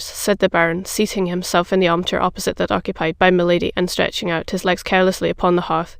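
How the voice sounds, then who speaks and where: A narrator reading a classic novel in an even, measured audiobook delivery. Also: mid-range voice, gravelly, smooth, dry recording, clean studio sound.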